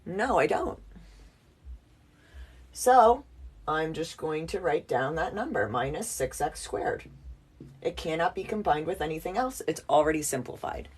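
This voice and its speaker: A math teacher gives a casual, playful lesson at a whiteboard, chatting and making self-mocking jokes as she works. Her voice is deep, husky and expressive, and she speaks at a measured pace with frequent pauses.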